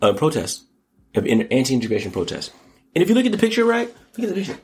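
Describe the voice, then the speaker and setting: A man riffs through the news as a podcast host. His pitch swings widely and he keeps breaking into high mocking voices. The talk is loose and full of slang. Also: big pitch swings, fast talker, a little mellow. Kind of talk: casual comedic commentary.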